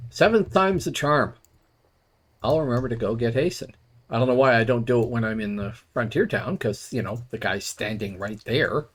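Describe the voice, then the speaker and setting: A middle-aged man chats at a medium pitch as he plays, drifting from one dry anecdote to the next. He sounds relaxed and conversational, a streamer talking to his viewers while he plays. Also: moderate pace. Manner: rambling, wry storytelling. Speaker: gaming streamer. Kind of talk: casual commentary while playing.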